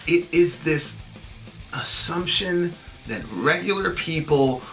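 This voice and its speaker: A man's voice: on the high side, animated, slow pace, a bit bright, soft background music. A man co-hosting a political talk show, venting in indignant, sarcastic bursts. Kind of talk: heated political commentary.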